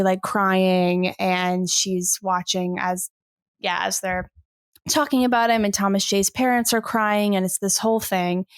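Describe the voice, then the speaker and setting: A woman's voice: mid-range voice, no echo, clean studio sound. A woman in a casual podcast chat, retelling a film's sad scene with emotion and the odd swear word. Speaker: podcast guest.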